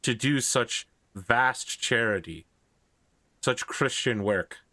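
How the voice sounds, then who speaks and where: A man's voice: medium pitch, slow pace, pushed and bright, dry recording. A man voicing a proud noble wife, speaking in a pleading, persuasive way.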